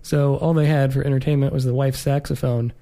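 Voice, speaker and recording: A man with a mellow, relaxed tone discusses a movie in a casual chat. His delivery is dry, and he slips wry jokes in along the way. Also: medium pitch, a little fast, creaky. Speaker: podcast co-host. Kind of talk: casual film-review chat.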